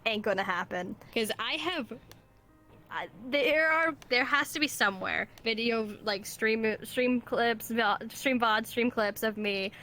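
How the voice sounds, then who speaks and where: Bright, chatty female streamer guest. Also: fairly high pitch, slow pace, soft background music. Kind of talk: casual streamed interview chat.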